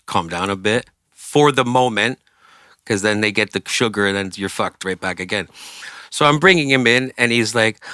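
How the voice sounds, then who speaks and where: A man's voice: fairly low pitch, pushed and bright, no echo, studio quality. A man, a singer and interview guest, telling a story casually, acting out quoted voices and swearing freely.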